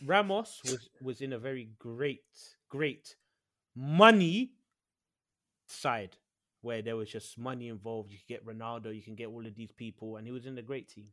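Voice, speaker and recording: A man in a casual podcast debate, excitable and pleading, talking over the others. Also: mid-range voice, normal speed. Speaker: podcast panelist, Liverpool fan.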